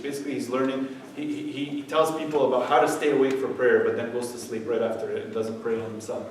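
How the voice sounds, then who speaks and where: A man's voice: mid-range voice, little pitch movement, fast, hardly any pauses. A middle-aged man giving a conversational church youth talk, often checking in with "okay?". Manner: conversational, keeps asking "okay?". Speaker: youth speaker. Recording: echoey room, voice from far off.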